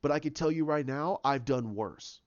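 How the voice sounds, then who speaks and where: A man's voice: on the high side, moderate pace, close to an everyday voice. A man voicing a remorseful older male Jedi ghost in his own plain voice, speaking earnestly on a dull lo-fi recording.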